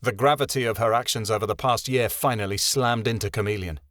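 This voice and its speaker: A man reading a fantasy audiobook in a measured, dramatic narration. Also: on the low side, a bit bright, no echo, clean studio sound.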